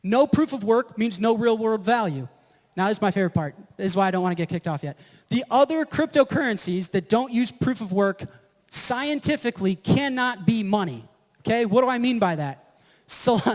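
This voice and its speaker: A man giving a live presentation at an event, brash and profane, who keeps checking with the audience. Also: high voice. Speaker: conference presenter. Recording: echoey hall with long reverb.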